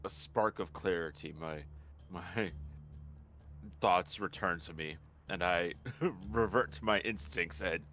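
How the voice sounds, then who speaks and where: A man's voice: deep voice, bright, forceful tone, dull audio, slight background noise. A man playing a tabletop game, talking hesitantly and stumbling over his words. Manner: hesitant, stumbling, laughs often. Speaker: player.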